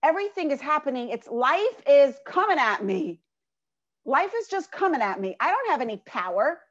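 A woman's voice: high-pitched, sing-song, moderate pace. A woman voicing a whining, overwhelmed young male student who complains that everything happens to him. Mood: self-pitying. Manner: aggrieved, complaining rant. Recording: dull lo-fi recording.

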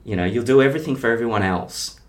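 A man's voice: medium pitch, fast talker. A middle-aged man, a health coach explaining his methods with analogies and stories in a casual interview. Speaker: health and weight-loss coach.

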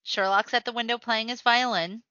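A playful woman co-hosting a casual podcast, setting up scenes for her partner. Her voice is bright and forceful. The recording is dry and slightly muffled. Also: fairly high pitch, fairly even intonation, normal speed, no echo. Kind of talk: casual fan chat.

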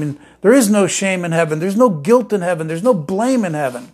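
A man's voice: fairly high pitch, lively intonation, normal speed, darkish tone. A man preaching a sermon, telling stories with many restarts and fillers, then building to emphatic declarations.

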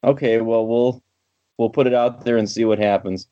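A man co-hosting a podcast, speaking in a calm, measured, dry way in casual chat. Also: mid-range voice. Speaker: podcast co-host. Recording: dull dry lo-fi mic.

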